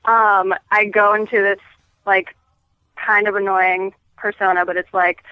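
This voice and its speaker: A woman's voice: medium pitch, flat delivery, unhurried, clear, resonant tone, no room sound. A woman calling in to a show, chatting casually and laughing at herself often. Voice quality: giggly, self-deprecating. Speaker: caller. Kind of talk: casual phone-in chat. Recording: dull lo-fi phone line.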